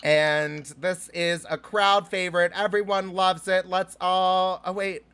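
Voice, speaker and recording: A man's voice: high-pitched, little pitch movement, unhurried, a bit bright, a little hiss or hum. A man hosting a live-streamed show as a drag persona, gushing and casual, with lots of fillers and swearing.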